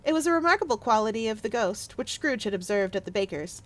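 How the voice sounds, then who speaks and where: A woman streamer reading a classic story aloud on a live stream and chatting excitedly with viewers. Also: on the high side, fast talker.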